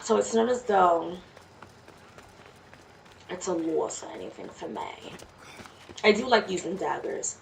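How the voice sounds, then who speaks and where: A woman's voice: lowish voice, expressive, unhurried, creaky, long pauses. A woman with a Jamaican accent giving casual, chatty commentary while playing a game. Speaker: let's play streamer. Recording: distant mic with faint noise.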